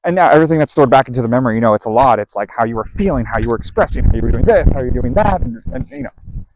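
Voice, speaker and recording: A man's voice: mid-range voice, lively intonation, racing, noisy background. A man giving a heated, blunt, profanity-laced motivational talk about emotional processing. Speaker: self-help speaker. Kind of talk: motivational monologue.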